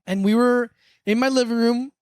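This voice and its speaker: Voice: medium pitch, fairly even intonation, normal speed, a little mellow, clear, resonant tone, dry recording, studio quality. A podcast co-host from Florida, telling a childhood story in loose casual chat full of "like". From Hollywood, Florida, US. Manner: loose, rambling with many "like"s.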